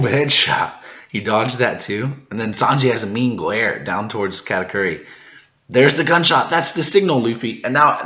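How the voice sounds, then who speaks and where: A man hosting a manga reaction video, recapping the chapter in a casual, excited way, laughing often and tripping over his words when he gets hyped. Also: mid-range voice, creaky, roomy sound, lo-fi sound. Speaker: manga reaction channel host.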